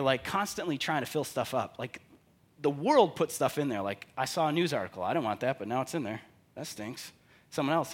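A man preaching a sermon as pastor, animated, acting out stories and quotes in lively voices. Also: on the high side.

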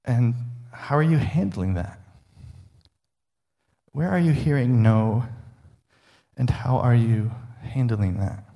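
A man's voice: medium pitch, takes it slowly, creaky, long pauses, warm tone. A man preaching a sermon in a conversational, humorous way, often asking his listeners questions. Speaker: pastor.

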